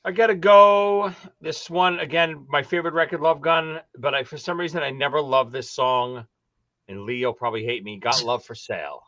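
A man's voice: a little high, steady tone, moderate pace, bright, forceful tone, no echo, lo-fi sound. A man co-hosting a casual chat, teasing the others. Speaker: podcast co-host.

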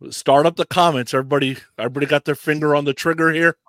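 A man co-hosting a casual chat, talking in a drawn-out, explanatory way. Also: fairly high pitch, fairly even intonation, fairly bright tone, no room sound. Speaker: podcast co-host.

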